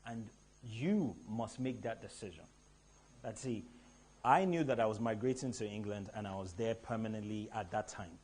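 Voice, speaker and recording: A man from Nigeria hosting a live event, telling stories to the audience in an animated, emphatic way from a stage mic. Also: fairly low pitch, normal speed. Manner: animated storytelling with a rising, emphatic delivery. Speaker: event host.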